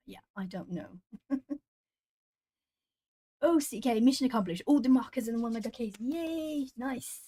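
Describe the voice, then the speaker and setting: A woman's voice: on the high side, a little slow, long pauses, dark tone. A woman with Portuguese as her hosts an art stream at home. She chats casually with viewers while she colours, musing aloud as she goes. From Brazil.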